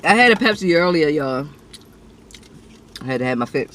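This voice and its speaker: A woman's voice: sits low, animated, moderate pace, noisy background. A woman, chatting playfully with viewers about her meal on her eating show. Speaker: mukbang vlogger. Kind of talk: casual eating show chat.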